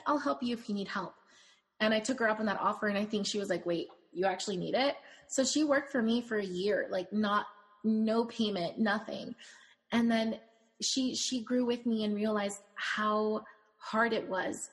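A woman who owns a bridal shop, telling emotional stories with quoted dialogue in a conversational interview. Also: mid-range voice. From Latina. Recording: long room reverb.

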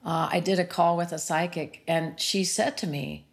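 A woman's voice: on the low side, normal speed. A middle-aged woman and sound healer speaking earnestly and reflectively as a guest, with many "you know" fillers. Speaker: sound healer and interview series host, as guest. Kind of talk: personal conversation about grief.

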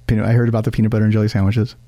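Low-voiced host guy chiming in with quick affirmations. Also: level tone, mellow. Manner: brief encouraging interjections. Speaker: host, former coach. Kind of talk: casual interview.

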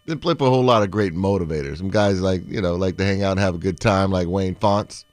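A former pro football player co-hosts a sports talk show in a steady, conversational way. His voice sits fairly low, and the recording is dry and close. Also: quick pace, no room sound.

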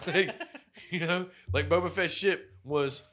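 Podcast co-host, man in his thirties, somewhat high and sharply bright, swears constantly and rambles through his stories. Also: slow pace. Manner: profane, rambling storyteller with lots of fillers. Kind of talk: casual chat.

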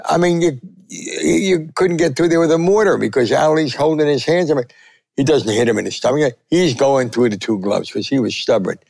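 An older man, a veteran sportswriter telling a lively story and acting out the quotes. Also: brisk, gravelly. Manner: lively, acts out quotes with big pitch jumps. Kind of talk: animated storytelling.

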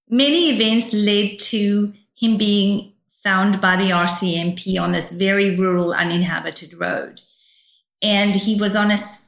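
A woman's voice: mid-range voice, a bit bright. Middle-aged woman guest, vivid storyteller, recorded in an echoey room. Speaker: author guest. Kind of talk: storytelling interview answers. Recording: roomy echo.

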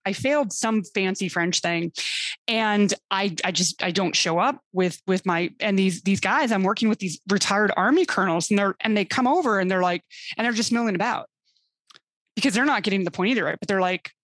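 A woman in casual chat, telling stories in an animated way, acting out the voices of the people she quotes and swearing freely. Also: medium pitch, no room sound.

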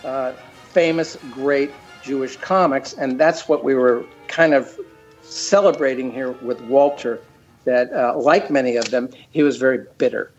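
A man's voice: medium pitch, measured pace. A man talking casually as an interview guest, often restarting his sentences. The audio is a bit dull, with faint music behind. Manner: rambling, many restarts. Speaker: guest, cartoon creator.

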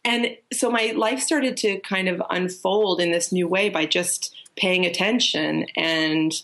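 A woman, a life coach, telling stories in a casual interview, rambling with restarts and acting out what people said. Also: a little slow. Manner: animated, acts out quoted people in a higher voice.

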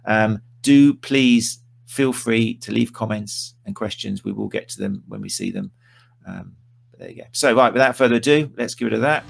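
A man's voice: mid-range voice, very animated, normal speed, gravelly. A man hosting a live stream in a chatty, self-deprecating way, with lots of ums. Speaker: host.

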